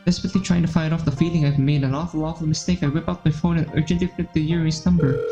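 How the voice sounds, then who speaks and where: A man's voice: on the high side, steady tone, rapid-fire, few pauses. A man reading a visual novel aloud, narrating steadily in the first person on a dull lo-fi recording. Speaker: gaming YouTuber. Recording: dull lo-fi recording with faint music.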